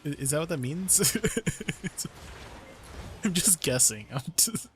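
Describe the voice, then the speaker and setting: Male streamer, slightly high voice, unhurried and playful, faint background hiss. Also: animated. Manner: laughs often, chatty and playful. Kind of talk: casual live-stream chat.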